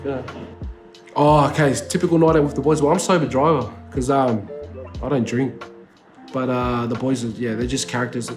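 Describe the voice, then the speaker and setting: A man with an Australian accent talks in an easygoing interview, full of slang, swearing and fillers. His voice sits in an ordinary middle register. Soft guitar music plays faintly underneath. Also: mid-range voice. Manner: laid-back, slangy, swears freely, many fillers. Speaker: rapper interviewed as guest. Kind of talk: casual interview chat. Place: indoor studio.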